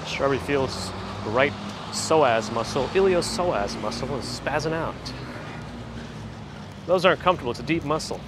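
A perky man chats his way through a live walk, reacting to viewer comments as he goes. He talks at an everyday middle pitch. He is recorded outdoors on a handheld rig, and clear street traffic noise runs underneath. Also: lively intonation, moderate pace. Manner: chatty, reads viewer comments aloud. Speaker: livestream host. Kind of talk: casual walking livestream chat. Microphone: handheld phone gimbal mic. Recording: noisy outdoor street audio.

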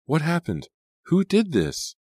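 A woman's voice: low voice, wildly swooping pitch, measured pace, slightly rough, no room sound, clean studio sound, pitched above the performer's own voice, heavily acted. A man voicing a terrified teenage girl, crying out frantically in an audiobook. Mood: panicked. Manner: frantic, cries out.

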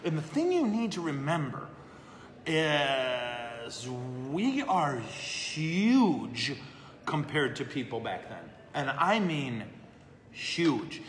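A man's voice: a little high, fairly bright tone, a little hiss or hum. A man, a priest, chatting casually and answering questions live, self-deprecating and laughing often. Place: brewery. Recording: echoey room with long reverb.

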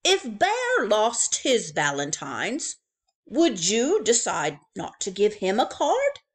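A woman voicing a kind, patient male owl teacher in a storybook, gentle and reassuring but firm. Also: mid-range voice, wildly swooping pitch, takes it slowly, breathy edge, heavily acted.

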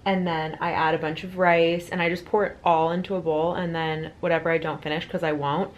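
The lo-fi recording captures a young lifestyle vlogger talking a little fast in a low, level voice. Chatting casually to her camera at home, in the kitchen and indoors, she uses many fillers and puts herself down in a joking way.

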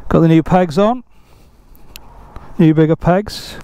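Chatty older man, high voice. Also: slow, warm tone, clear, resonant tone, dry recording. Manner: chatty, rambling, self-deprecating. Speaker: motorcycle vlogger. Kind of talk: casual vlog chat. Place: outdoors by a field, with his motorbike.

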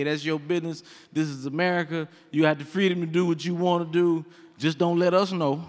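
A man performing stand-up comedy with a high, bright voice that jumps around as he acts out voices. His storytelling is animated, and his voice carries a long reverb from the hall. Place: comedy stage before a live audience.

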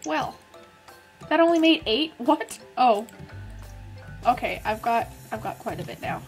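A woman's voice: fairly high pitch, animated, a little slow, soft background music. A woman playing a video game and chatting casually, giggly, playful and self-mocking as she builds and talks to a friend. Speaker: gaming YouTuber and server moderator.

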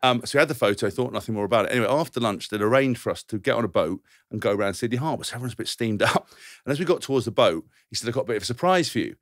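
A man co-hosting a podcast, telling lively anecdotes with swearing, laughter and acted-out quotes. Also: mid-range voice, very fast, hardly any pauses, no room sound, studio quality. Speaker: podcast co-host. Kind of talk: casual storytelling chat.

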